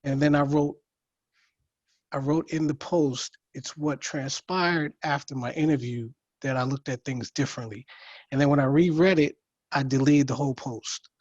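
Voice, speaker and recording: A man in a writing workshop speaking hesitantly over a video call, with halting phrases and many fillers. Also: mid-range voice, steady tone, a little mellow, dry recording, lo-fi sound. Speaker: workshop participant. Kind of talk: casual chat.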